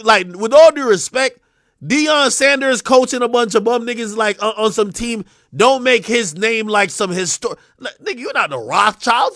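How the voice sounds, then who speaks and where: A young man on a live stream, commenting bluntly and profanely, rambling between mutters and loud outbursts. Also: high-pitched, normal speed, no echo, studio quality. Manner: animated, swings from mumbling to shouting.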